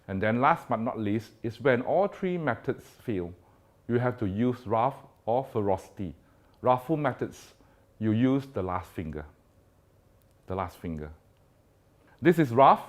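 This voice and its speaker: A man teaching a spiritual practice, explaining step by step in a deliberate way and showing each gesture as he goes. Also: mid-range voice, a little mellow. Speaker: Buddhist teacher. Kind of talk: spoken teaching on mantra practice.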